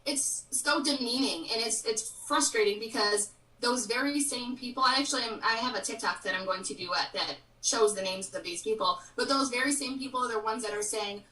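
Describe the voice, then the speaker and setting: Outspoken woman guest, thirties, bright tone, off-mic and roomy. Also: a little high, fairly quick, hardly any pauses, distant mic. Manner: frank, opinionated. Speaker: interview guest. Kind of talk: casual live-stream interview.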